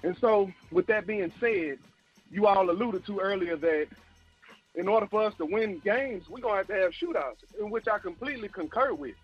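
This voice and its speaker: A man's voice: sits high, animated, normal speed, husky, faint music behind. A man calling in to a sports talk show, out of breath and making his point with emphasis. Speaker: caller. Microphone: phone line. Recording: dull lo-fi phone call.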